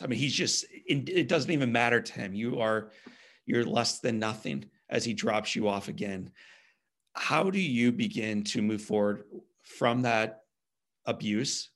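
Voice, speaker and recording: A man interviewing a guest, asking questions in a measured, compassionate way. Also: on the low side, fairly bright tone.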